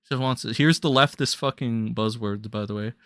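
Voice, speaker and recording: A man's voice: mid-range voice, moderate pace, no echo, studio quality. A young man ranting bluntly and crudely as a drama commentary streamer on a livestream. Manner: blunt, crude, ranting with sudden loud jumps.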